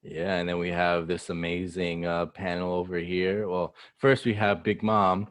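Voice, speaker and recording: A man co-hosting a casual comic read-through, relaxed and chiming in with agreement. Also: deep voice, measured pace, hardly any pauses, smooth, no room sound. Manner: relaxed, mumbles agreement, acts out lines. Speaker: co-host.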